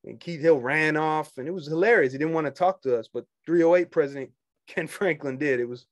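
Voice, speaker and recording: A man, a union organizer talking casually to fellow members, animated and quick to laugh and scoff. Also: fairly high pitch, no room sound, studio quality. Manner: animated, laughs often, dismissive asides.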